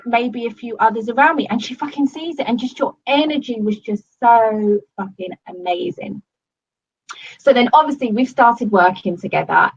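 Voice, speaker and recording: A woman's voice: a little high, husky, highs cut off. A woman giving a casual testimonial to her coach, gushing and swearing often, with many fillers. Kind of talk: casual video-call testimonial.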